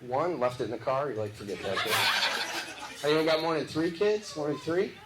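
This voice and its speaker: Stand-up comedian working a noisy room. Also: male voice, fairly high pitch, very animated. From Midwest of the United States. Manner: quick, punchy delivery, chatting with audience members. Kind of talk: live stand-up comedy with crowd work. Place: live comedy show venue. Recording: echoey live venue with loud crowd noise. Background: audience laughter and applause.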